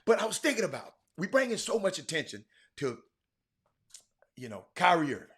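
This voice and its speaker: Man, sports show host, bright tense voice, stumbles and repeats words, calls out viewers. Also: high voice, brisk. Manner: animated, repeats words, addresses viewers by name. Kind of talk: live-stream chat with viewers.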